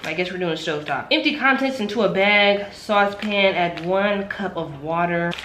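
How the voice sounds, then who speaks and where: Speaking at a medium pitch and an unhurried pace, this young woman vlogs as she cooks at home. She's talkative and self-deprecating, with the odd dramatic aside. The kitchen sounds echoey, and there's noise on the recording.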